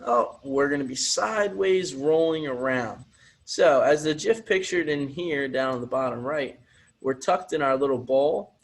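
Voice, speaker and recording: Male PE teacher, slightly high voice, reads a storybook aloud and cheers kids on between activities. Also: slight background noise. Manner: upbeat, encouraging, coaching children through activities. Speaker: physical education teacher. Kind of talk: reading a picture book aloud with movement breaks.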